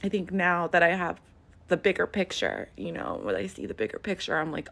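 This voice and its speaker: Female vlogger, low-pitched, creaky vocal fry, lazy drawl, talking into a phone held in her hand. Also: very animated, fairly quick, a bit bright. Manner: drawling, peppered with "like" and "um". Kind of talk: casual confessional vlog talk. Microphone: handheld phone.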